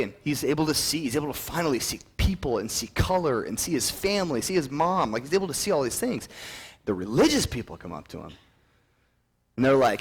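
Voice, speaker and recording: A young man preaching a sermon, telling Bible stories with animated, acted-out quotes and dropping to a soft, earnest voice for his appeal. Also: slightly rough. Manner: drops to a soft, earnest low voice when appealing.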